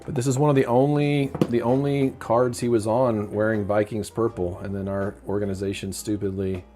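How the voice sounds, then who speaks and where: A man's voice: lowish voice, flat delivery, normal speed. Chatty sentimental man hosting a stream. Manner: chatty, reads viewer comments aloud and answers them; openly sentimental. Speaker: live stream host. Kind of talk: casual live-stream chat. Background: faint lo-fi music.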